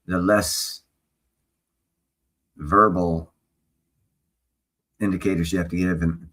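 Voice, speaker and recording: A man's voice: low-pitched, fairly even intonation, slow, bright, forceful tone. A man chatting on a casual livestream, blunt and opinionated, swearing freely.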